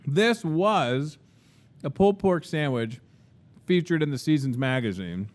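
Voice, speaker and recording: A man's voice: a little high, sing-song, measured pace. Chatty man hosting a live local show. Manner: chatty and upbeat, with asides to the crew. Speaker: host of a local morning show. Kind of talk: casual live show chat. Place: grocery store. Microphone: handheld microphone.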